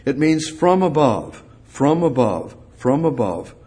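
A man preaching a sermon, explaining Bible verses with emphatic repetition and rising, forceful peaks. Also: mid-range voice, very animated, takes it slowly, slightly rough.

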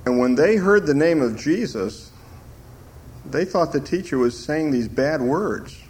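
An older man preaching a sermon as pastor, slow and emphatic, lifting his voice when he quotes scripture. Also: on the high side, lively intonation, a little mellow, slight background noise.

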